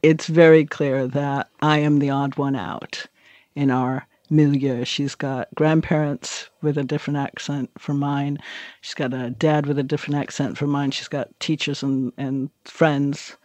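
A woman's voice: low-pitched, little pitch movement, unhurried, a little mellow, dry recording. An American woman speaking as an interview guest, thoughtful and explanatory, with plenty of small fillers as she works through her points. Her voice is recorded close and dry, with no room sound around it. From United States. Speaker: linguist guest. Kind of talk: conversational interview.

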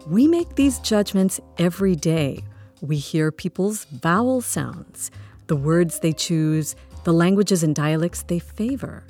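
A woman's voice: lowish voice, animated, slow, a little mellow, soft background music. A woman hosting a podcast, reading a scripted intro expressively. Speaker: podcast host.

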